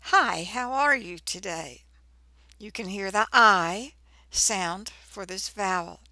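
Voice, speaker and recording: A woman teaching a phonics lesson to children, sounding out words slowly and clearly. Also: mid-range voice, sharp tone, dry recording. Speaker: reading teacher.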